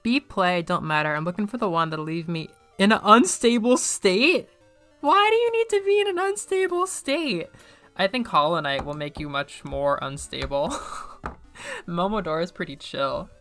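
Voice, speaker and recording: A woman's voice: on the low side, sing-song, normal speed, fairly bright tone, faint music behind. A young woman chatting casually while playing a video game, rambling and swearing freely. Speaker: gaming streamer.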